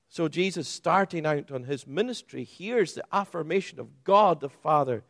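A man preaching a sermon, stressing key words by rising and then dropping low and soft. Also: moderate pace, hardly any pauses, dry recording, clean studio sound.

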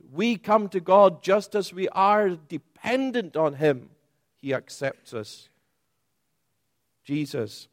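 A man preaches slowly and deliberately, his voice a little higher than most men's. He leans into key words, then falls quiet and low. The sound is dry and close. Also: no room sound. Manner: emphatic, rising for stress and dropping low and soft. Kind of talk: sermon.

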